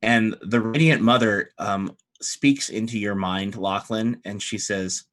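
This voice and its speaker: Bright-voiced man running a tabletop game. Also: on the low side, measured pace. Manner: relaxed, describing scenes. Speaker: game master.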